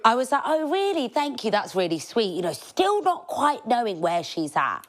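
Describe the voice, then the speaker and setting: A woman's voice: mid-range voice, sing-song, moderate pace. A woman, telling cheeky stories as a podcast host, chatty and laughing often. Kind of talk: casual storytelling monologue.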